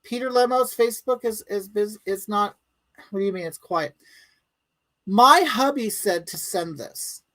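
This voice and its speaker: A woman's voice: mid-range voice, a little slow, a bit bright, poor audio. A woman hosting a live stream from home, chatting casually and bluntly with viewers and reading out their comments in a rambling, crude way.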